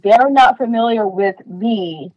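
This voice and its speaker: A woman from New York, a podcast guest, telling stories in casual chat, blunt and animated with lots of "like" fillers. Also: fairly high pitch, slow, no room sound, rough recording.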